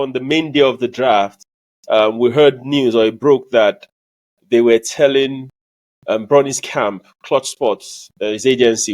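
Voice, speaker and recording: A man co-hosting a sports podcast, talking casually with many ums and easy laughter. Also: mid-range voice. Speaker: podcast co-host.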